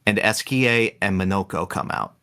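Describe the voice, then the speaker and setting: A man co-hosting a podcast, slowly and dramatically retelling a game's ending in casual chat. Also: sits low, sing-song, creaky, sharp tone, clear, resonant tone. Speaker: podcast co-host.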